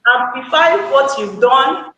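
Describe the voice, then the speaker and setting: A woman speaking excitedly on a live call, sharing a testimonial, repeating her points for emphasis and laughing often. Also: high-pitched, slow, dull audio. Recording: echoey room with faint background noise.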